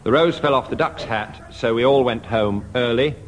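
A man hosting a radio comedy panel game, calling on players by name and reading out the rules. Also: mid-range voice. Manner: brisk, calls on players by name. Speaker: quiz show host. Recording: noisy old radio recording.

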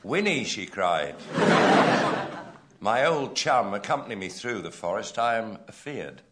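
A man's voice: lowish voice, big pitch swings, unhurried. A man improvising a comic story in a mock-dramatic, playful way, recorded on a stage with an audience. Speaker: comedy panelist. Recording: roomy stage sound with loud noise. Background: audience laughter.

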